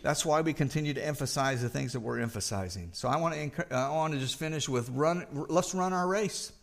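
A man's voice: medium pitch, quick pace, vocal fry. A middle-aged man preaching a sermon as pastor, earnest, often repeating a word as he restarts.

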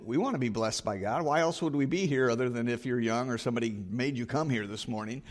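A man's voice: mid-range voice, quick pace, hardly any pauses. Earnest man preaching a sermon. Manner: earnest, reads scripture aloud, rises in emphasis. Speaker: pastor.

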